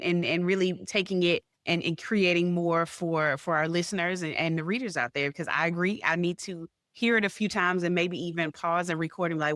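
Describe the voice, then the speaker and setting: A woman hosts an interview podcast, affirming her guest again and again with short words of praise. Her voice is a little low. The recording is dry and close. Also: fairly bright tone, dry recording. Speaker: podcast host.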